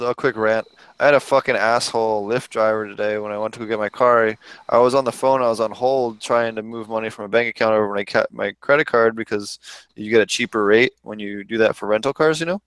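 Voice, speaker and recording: A man's voice: on the low side, a little fast, fairly bright tone, clean tone, no room sound. A man hosting a podcast in casual chat, ranting freely and swearing often. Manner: profane, ranting, loose and talkative. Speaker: podcast host.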